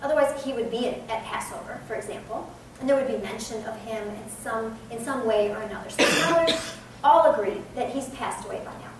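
An American woman in her forties gives an earnest, conversational Bible teaching, speaking a little high and fairly quickly and laughing at herself. She's recorded from a distance in an echoey room with faint background noise.

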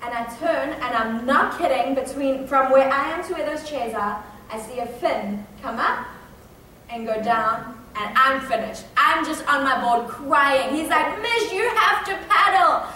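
A woman preaching a sermon, telling a personal story with animated shifts from hushed suspense to high excited outbursts. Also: unhurried, slight background noise. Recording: echoey hall, voice from a distance.

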